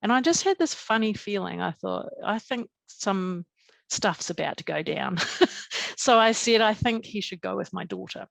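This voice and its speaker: A woman guest on a podcast telling her own story in a calm, matter-of-fact way, with many soft fillers. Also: mid-range voice, moderate pace, gravelly, no echo. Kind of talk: personal storytelling.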